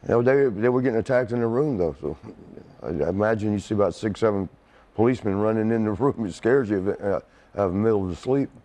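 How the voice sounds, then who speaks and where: A man, a former wrestler, telling stories in a relaxed, rambling way, often laughing. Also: on the low side, quick pace. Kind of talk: casual storytelling interview.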